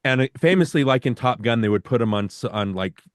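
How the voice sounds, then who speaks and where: A man co-hosting a podcast, chatting casually about films in a rambling way, full of fillers and quick to laugh. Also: medium pitch, expressive, no echo, clean studio sound. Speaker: podcast co-host. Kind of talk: casual film-discussion chat.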